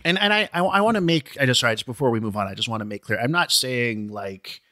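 Bright-voiced man, dry close sound. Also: mid-range voice, expressive, fast, no echo. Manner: stammering restarts, digressive, apologetic asides. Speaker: podcast co-host. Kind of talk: casual podcast discussion.

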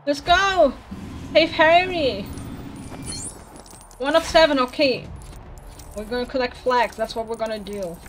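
A woman casually commenting on a video game as she plays, chatty and easily excited, talking to the characters on screen. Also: sits high, a little slow, long pauses, noisy background. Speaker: let's play gamer.

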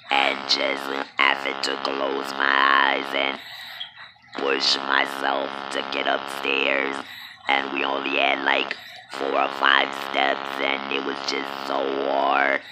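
A woman tells a personal story at a slow, unhurried pace, and her voice stays low and level. She talks in a halting way with many pauses and fillers. Loud background noise runs under the recording. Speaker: vlogger telling her birth story.

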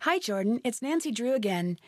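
A woman's voice: fairly high pitch, very animated, brisk, darkish tone, no room sound, studio quality. A woman voicing a polite, persistent young woman detective in a video game, asking earnest questions.

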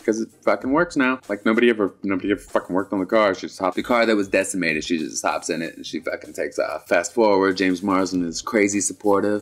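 A man's voice: quick pace, hardly any pauses. Profane, sarcastic man ranting about a movie. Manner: profane, sarcastic, animated with sudden high squeals. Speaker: movie reviewer. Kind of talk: comedic movie rant.

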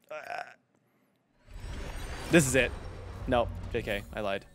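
A man's voice: mid-range voice, wildly swooping pitch, normal speed, pauses often, a bit bright, soft background music. A young man streaming casually as a voice director. He rambles and swears, with lots of fillers. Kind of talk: casual stream chat while playing.

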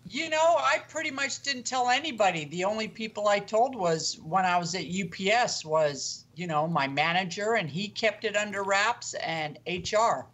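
A woman's voice: medium pitch, animated, moderate pace, few pauses, fairly bright tone. A woman on a talk panel, speaking in a plain, matter-of-fact way in casual chat. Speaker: panel guest.

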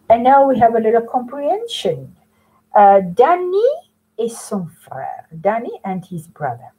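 Husky breathy lady teacher going over french stuff, lively up and down voice. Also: a little high, unhurried, rough recording. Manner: patient, explains step by step, mixing in French phrases. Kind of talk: remote lesson for students.

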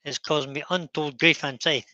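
A man's voice: fairly high pitch, fairly even intonation, normal speed, pushed and bright, dry recording, muffled recording. A middle-aged Scottish man hosting a woodturning livestream, chatting in a self-deprecating way and repeating words as he works. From Scotland. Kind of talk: casual livestream chat while turning.

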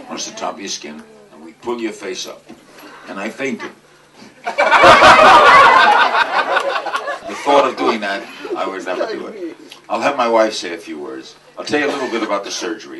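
An older man giving a comic, anecdotal speech at a charity event, delivering punchlines with deadpan timing. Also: deep voice. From New York. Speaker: guest speaker at a charity event. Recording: distant mic with faint noise.

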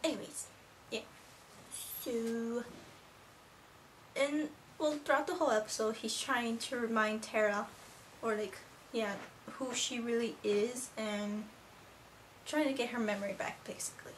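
A woman's voice: fairly high pitch, steady tone, unhurried, pauses often, slight background noise. A teenage girl casually reviewing a cartoon episode as a rambling, gushing fan. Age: teens. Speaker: video reviewer.

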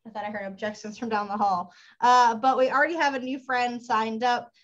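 A woman hosting a storytime stream, chatting casually and announcing upcoming dates with fillers and quick self-corrections. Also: on the high side, fairly even intonation. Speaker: storytime host. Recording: dull lo-fi online stream audio.

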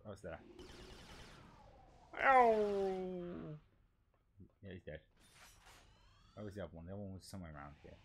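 A man streaming a shooter game, talking through his play in casual commentary and swearing excitedly at the enemies. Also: low voice, very fast, pauses often, slight background noise. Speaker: VTuber streamer. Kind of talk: live gameplay commentary.

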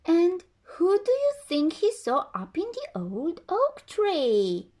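A woman reading a children's story aloud in a slow, sing-song way. Her voice is high and rises and falls widely as she leans into each line. She takes her time. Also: wildly swooping pitch, a little mellow.

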